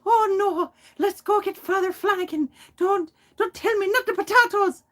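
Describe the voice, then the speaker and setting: A woman's voice: very high-pitched, normal speed, a bit bright, voice pushed up. A woman putting on an exaggerated stage-Irish accent to play villagers fretting melodramatically over their potatoes. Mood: melodramatic. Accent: put-on Irish. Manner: hammy, melodramatic, wailing.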